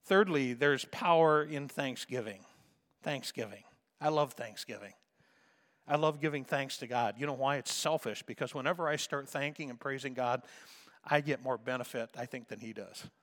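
Bright-voiced preaching man in a hall. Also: mid-range voice, normal speed. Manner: emphatic preaching, swinging from soft to loud. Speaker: pastor. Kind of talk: sermon.

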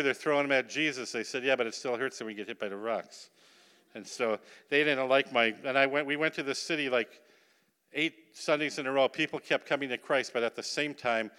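A man's voice: medium pitch, bright, forceful tone, long reverb tail. A man preaching a sermon, telling a story with acted-out dialogue and asking the congregation questions. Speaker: pastor.

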